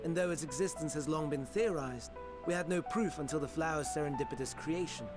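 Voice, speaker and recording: An actor playing a scholarly male sage in a fantasy game, explaining in formal, archaic, measured speech. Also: on the high side, music in the background, natural voice. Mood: calm lecturing. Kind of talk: game cutscene voice acting.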